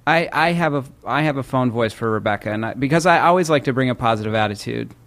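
A cheerful man in his late thirties, from the Midwest, talks in a relaxed, chatty way. His voice sits at an ordinary middle pitch, and he laughs easily as he talks. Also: fast. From American Midwest. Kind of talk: casual chat.

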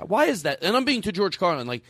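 Podcast host guy, super animated rambly storytelling, dry close mic. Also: high voice, fast, dry recording. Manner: animated storytelling with lots of fillers. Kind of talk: comedy podcast banter.

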